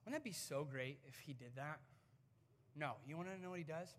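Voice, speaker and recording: A man in his thirties preaching to a congregation from a stage microphone, talking in a conversational, animated way with touches of humor. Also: fairly high pitch, a little fast. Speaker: pastor. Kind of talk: sermon. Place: church sanctuary before a congregation. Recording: reverberant church hall.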